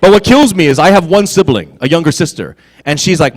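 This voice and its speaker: Animated man telling stories on a convention stage. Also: on the high side, brisk, hardly any pauses. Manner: animated, shifts into loud mock voices. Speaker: convention panel guest. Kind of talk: storytelling on a panel stage.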